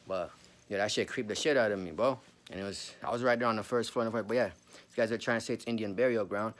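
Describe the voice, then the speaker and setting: A man's voice: lowish voice, quick pace, fairly bright tone. A man in his forties telling a spooky personal story in a rambling, profane, casual way, calling the listener bro.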